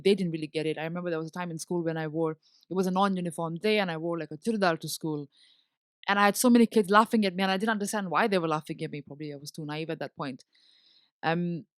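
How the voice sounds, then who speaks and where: Reflective young woman, lively speech. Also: on the low side, clean tone, dry recording, studio quality. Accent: switches between Indian and British English. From India (Bombay). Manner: reflective, animated, frequent fillers. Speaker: guest. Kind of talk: casual interview chat.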